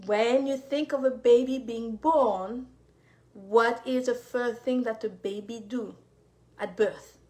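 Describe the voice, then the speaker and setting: Woman, bit high voice, teaching live, chatty with lots of you-knows, talks right to viewers. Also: takes it slowly. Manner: warm encouraging, speaks to viewers directly, many fillers. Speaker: fertility coach.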